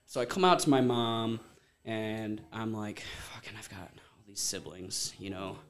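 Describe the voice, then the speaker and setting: A man's voice: fairly low pitch, a little slow. A man around thirty, originally from Ohio, talking as a podcast guest. He tells his story candidly, in a rambling way full of "like" and casual swearing. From Ohio, USA.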